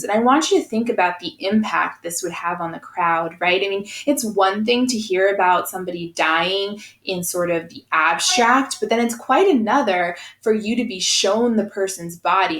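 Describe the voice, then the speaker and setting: A woman's voice: mid-range voice, a bit bright, echoey room, rough recording. A woman teacher recording a lesson, explaining a text and checking in often with her students.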